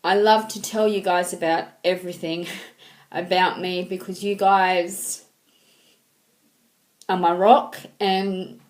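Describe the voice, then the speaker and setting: A woman in her thirties talking to her viewers in a casual, heartfelt way, halting and sentimental, with frequent ums and restarts. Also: on the low side, level tone. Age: 30s. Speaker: vlogger. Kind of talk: casual heartfelt talk to camera.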